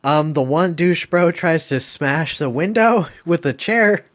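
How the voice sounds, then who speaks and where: A man with a slightly high voice hosts a casual podcast reviewing a film, animated yet unhurried. He rambles through his favorite moments, swearing freely, using lots of filler words and laughing often.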